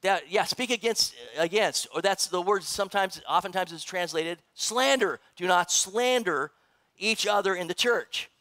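A middle-aged man, a pastor, preaching in a church, animated and joking with the congregation. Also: high-pitched, moderate pace, no echo. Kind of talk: sermon. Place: church sanctuary.

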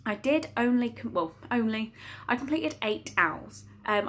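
A woman's voice: medium pitch, fairly bright tone, a little hiss or hum. Chatty young woman vlogging. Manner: chatty, rambling, self-deprecating. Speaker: book vlogger. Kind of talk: casual vlog chat.

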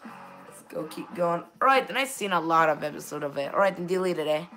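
Rambling bright-voiced woman streamer. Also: on the low side, animated, fairly quick, faint music behind. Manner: rambling, keeps repeating "all right then"; reads viewer chat aloud and greets viewers. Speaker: game streamer. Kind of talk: live gameplay stream chat.

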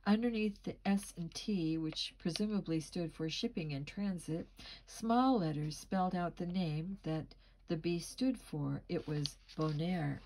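Woman reading a mystery aloud, lowish voice. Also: unhurried, rough recording. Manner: steady reading with occasional slips and restarts. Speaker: audiobook reader. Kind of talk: storybook narration.

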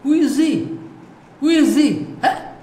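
A man's voice: very high-pitched, slow pace, dark tone, pitched above the performer's own voice. A man voicing a divine young man who is astonished at his own reflection, exclaiming in wonder. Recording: echoey room, faint background noise.

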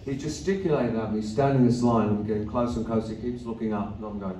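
Mellow older man telling stage stories. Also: on the low side, fast talker, a little hiss or hum. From Australia. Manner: rambling, wry anecdotes with swearing and chuckles. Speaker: musician on stage. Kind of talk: stage banter between songs. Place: arts centre concert hall. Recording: echoey venue from a distant mic.

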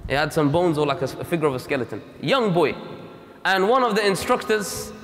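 A man's voice: fairly high pitch, big pitch swings, a little fast, fairly bright tone, a little hiss or hum. A man giving a Friday sermon in a mosque, impassioned and emphatic, repeating key lines and mixing in Arabic phrases. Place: mosque prayer hall. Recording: long reverb of a mosque hall.

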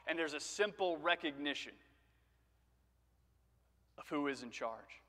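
In a reverberant church sanctuary, a male preacher delivers a conversational sermon full of stories and rhetorical questions. His fairly high voice sounds pushed and bright, expressive and unhurried, with frequent pauses.

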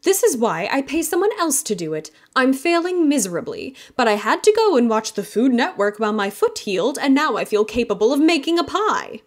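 A woman voicing a glamorous, teasing rich aunt in an audiobook, lively and loud. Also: high voice, fairly quick, few pauses, pitched above the performer's own voice. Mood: exasperated.

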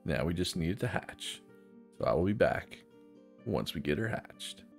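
A man's voice: deep voice, sing-song, normal speed, gravelly, faint music behind. A man casually walking through a video game guide, chatty and thinking aloud as he plays. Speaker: gaming guide host. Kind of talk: casual game walkthrough narration.

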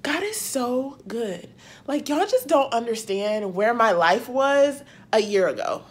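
A young woman talks into her camera in a hotel room, her voice pitched a little high and swinging up and down with feeling. She gushes, half-laughing and half-tearful, and calls her viewers y'all. A faint low rumble sits under her voice. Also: lively intonation, a little slow. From Akron, Ohio. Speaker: vlogger. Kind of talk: emotional vlog chat.

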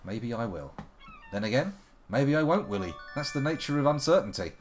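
A man's voice: medium pitch, animated, moderate pace, faint music behind. A man giving chatty, wry let's-play commentary as a game streamer. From United Kingdom. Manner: chatty, wry, reads characters aloud in silly voices.

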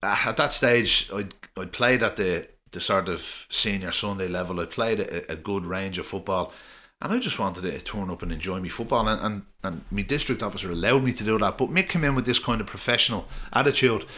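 Irish guy, middle-aged, low voice, chatty football stories, lots of uhs. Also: a little fast, few pauses, pushed and bright. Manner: chatty, rambling anecdotes with frequent fillers. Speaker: podcast guest, former referee. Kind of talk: casual storytelling.

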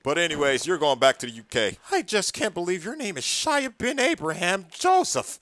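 Casting: man doing a cocky interrogating officer, lively, slightly high voice. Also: moderate pace, few pauses, no room sound, clean studio sound. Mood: astonished. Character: brash male immigration officer interrogating. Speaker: skit creator. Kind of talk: comedy skit voice acting.

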